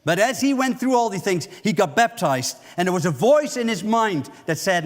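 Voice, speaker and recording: A man's voice: sits high, expressive, normal speed, hardly any pauses. A male pastor preaching a sermon, telling a story vividly and acting out the lines of its characters. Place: church sanctuary. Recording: reverberant church hall.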